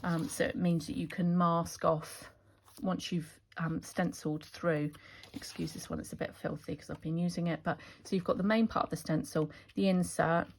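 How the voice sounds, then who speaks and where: A woman's voice: fairly low pitch, steady tone, normal speed, slight background noise. A woman chatting enthusiastically as she shows off her craft stamp designs, with fillers and restarts. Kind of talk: casual product walkthrough.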